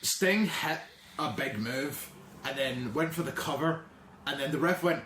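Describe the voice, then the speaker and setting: A man's voice: medium pitch, a little slow, fairly bright tone. A man hosting a casual podcast chat, rambling and swearing freely as he retells stories. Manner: rambling, swearing, acts out quotes. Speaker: podcast host. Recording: roomy with faint noise.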